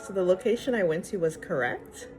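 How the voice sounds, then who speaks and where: A woman's voice: medium pitch, a little fast, music in the background. A young woman vlogger telling a personal story casually, acting out the dialogue with exasperated asides. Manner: animated, acts out the dialogue.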